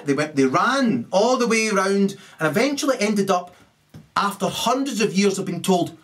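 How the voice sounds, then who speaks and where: A man's voice: expressive, normal speed, fairly bright tone. Ranting sweary man. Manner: ranting, sweary, keeps asking "right?", big swings in pitch. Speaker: video ranter. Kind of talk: angry profane monologue.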